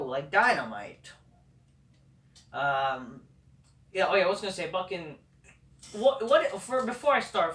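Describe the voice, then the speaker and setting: Sarcastic and profane, this review show host brushes things off dismissively as he rants in a casual style. His voice sits high and a bit bright, picked up from far away with an echoey, roomy sound.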